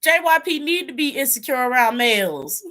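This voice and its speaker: Woman host, casual chat, bright ringing voice, a little high, loose and animated. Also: moderate pace. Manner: chatty, bursts into laughing shouts.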